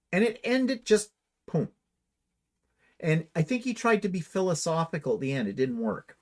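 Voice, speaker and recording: Guy from canada hosting a chill livestream, reads comments out and cracks dry jokes, mid pitch. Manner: wry, dry humor, chatty. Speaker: livestream co-host reading viewer comments. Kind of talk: casual chat.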